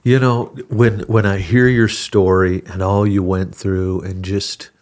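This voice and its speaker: A man's voice: low-pitched, flat delivery, measured pace. A man hosting a church interview show, affirming his guest and searching for words with many fillers. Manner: warm affirming listener, hesitant with many fillers. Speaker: podcast host. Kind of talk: casual interview chat.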